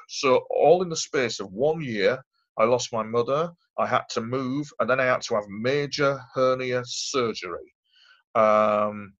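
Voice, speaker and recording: A man talks earnestly as an interview guest, circling back and repeating his points. His voice sits at an ordinary pitch for a man. The recording sounds dull and lo-fi. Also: a bit bright. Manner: earnest, rambling, repeats himself. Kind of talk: interview storytelling.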